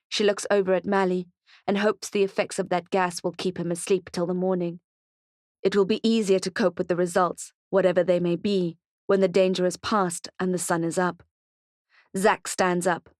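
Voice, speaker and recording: A woman with a lowish voice narrates a thriller audiobook in an even, measured way. The recording is dry and close, with no room sound at all. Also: dry recording.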